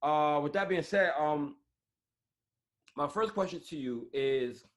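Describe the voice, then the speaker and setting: Animated, slang-heavy man hosting a live stream. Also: fairly high pitch, slow pace. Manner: animated, frank storytelling full of slang and swearing. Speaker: host of a live online talk show. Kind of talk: casual chat. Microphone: phone or webcam on a live stream.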